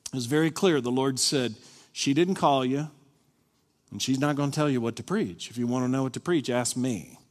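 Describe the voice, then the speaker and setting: A male pastor preaching a sermon, animated, acting out the people he quotes. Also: mid-range voice, moderate pace. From Kentucky. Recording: long reverb of a large hall.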